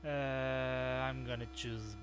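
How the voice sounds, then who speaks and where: A man doing horror game commentary, swearing and breaking into sudden startled shouts. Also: mid-range voice, flat delivery, takes it slowly, a little hiss or hum. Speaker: gaming channel host.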